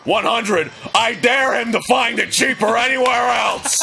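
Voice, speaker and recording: A man putting on a loud, pushy old male pawnbroker who shouts his sales pitch. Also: a little slow, vocal fry, soft background music, exaggerated voice. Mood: blustering. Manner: shouting, hard-selling.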